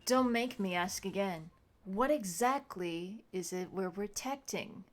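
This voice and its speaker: A woman's voice: mid-range voice, measured pace, soft background music, close to an everyday voice. A woman voicing an earnest young male student who asks pointed questions in a firm, demanding way.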